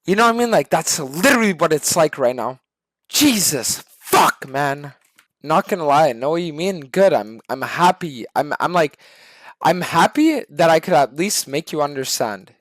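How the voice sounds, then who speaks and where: A young man streaming a game, ranting to his chat in a profane, exasperated way that swings from shouting to muttering. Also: on the high side, animated, moderate pace, dry recording.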